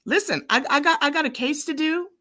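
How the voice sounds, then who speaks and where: A woman's voice: sits high, a little fast, fairly bright tone. Profane, combative American woman livestreamer. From United States. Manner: profane, confrontational, repeats herself. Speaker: livestream host. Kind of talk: heated livestream argument.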